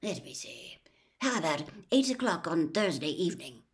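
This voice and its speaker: A woman voicing a soft-spoken tired teacher. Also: fairly low pitch, big pitch swings, moderate pace. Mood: thoughtful.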